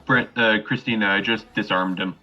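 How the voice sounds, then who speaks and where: A man playing a tabletop game in casual chat, halting and repeating himself. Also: fairly low pitch, steady tone, faint music behind. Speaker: player. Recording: slightly muffled audio.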